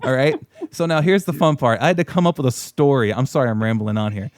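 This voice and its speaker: A man's voice: medium pitch, fast talker, no room sound. A man tells a rambling story, full of swearing and laughs, acting out each person he quotes. His voice sits in a middle range. It is recorded close and dry, with no room sound. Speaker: podcast guest telling a story. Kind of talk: casual storytelling. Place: podcast studio.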